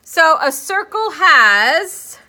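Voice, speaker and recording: A woman's voice: very high-pitched, sing-song, drawn-out words, pushed and bright. A young woman teaching a classroom lesson, chatty and playful, asking her students questions as she works.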